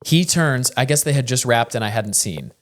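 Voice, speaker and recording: A man in the middle of a podcast story who keeps slipping into the voices of the people he describes. He talks in a relaxed, conversational way, with a pitch that sits in the middle range for a man. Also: moderate pace. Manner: animated storyteller who acts out the people in his stories. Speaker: podcast co-host. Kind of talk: casual chat, storytelling.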